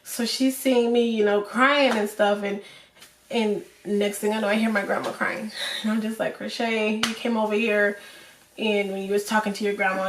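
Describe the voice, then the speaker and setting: A young woman vlogger telling a personal story to the camera in an emotional, halting way, full of fillers. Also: mid-range voice, flat delivery, a little hiss or hum. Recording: roomy echo, voice from a distance.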